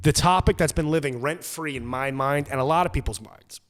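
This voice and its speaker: A man's voice: a little high, in a large hall. Profane ranting New York man. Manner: loud, fast-ranting, profane. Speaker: podcast co-host. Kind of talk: profane comedic rant.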